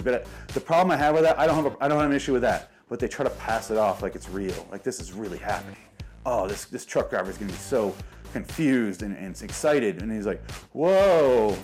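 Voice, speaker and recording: A man's voice: mid-range voice, a little mellow. A man hosting a comedy podcast, delivering a rambling, profane, sarcastic rant. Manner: sarcastic, swears constantly, rambling asides.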